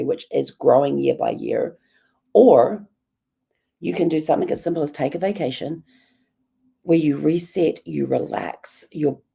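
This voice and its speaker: A middle-aged woman with a New Zealand accent, hoarse and raspy from a bad cough, talking in a rambling, reflective way with many ums. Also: extremely low pitch, warm tone. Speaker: journalling vlogger. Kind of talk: casual reflective monologue.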